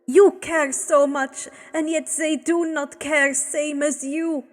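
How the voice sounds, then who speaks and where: A fierce golden-eyed man who snaps and snarls, speaking loud and pitched up high, as a woman reader puts him on. The reading has a long, ringing reverb around it. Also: flat delivery, slow pace. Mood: defiant. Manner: snapping, forceful.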